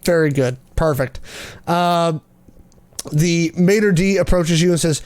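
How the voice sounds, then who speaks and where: A man's voice: on the high side, slow, a little mellow. A man narrating as game master of a tabletop game, rambling with many fillers. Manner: rambling, lots of fillers and likes.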